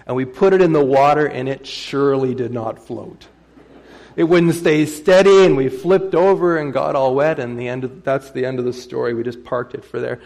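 Middle-aged male pastor, gravelly voice, folksy storytelling sermon, chatty asides to the room. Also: medium pitch, moderate pace, darkish tone. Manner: folksy, conversational, asks the audience rhetorical questions. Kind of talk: sermon with personal stories.

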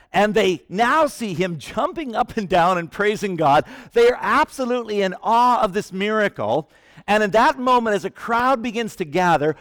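A man preaching a sermon with passion, swinging from hushed lines to shouting. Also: high voice, no echo, clean studio sound.

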